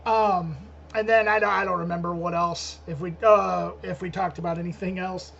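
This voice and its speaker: A man's voice: high voice, little pitch movement, normal speed, gravelly, a bit bright, highs cut off, a little hiss or hum. A man co-hosting a podcast over an internet call, rambling casually with lots of laughter and restarts. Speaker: podcast co-host. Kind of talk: casual chat. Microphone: remote call over the internet.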